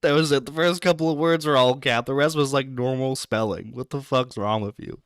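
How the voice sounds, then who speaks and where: A man at a middle pitch hosts an online talk show, cracking blunt jokes and laughing through his commentary on community drama. His voice sounds dry and close to the mic. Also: brisk, smooth, dry recording. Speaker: internet radio host.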